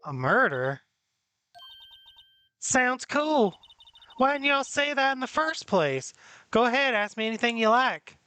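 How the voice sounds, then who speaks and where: A woman's voice: a little high, very animated, unhurried, pauses often, sharp tone, clear, resonant tone, faint music behind, heavily acted. A woman voicing a brash, touchy Southern woman photographer with a folksy, scolding drawl in a fan reading of a game. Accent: put-on Southern US drawl.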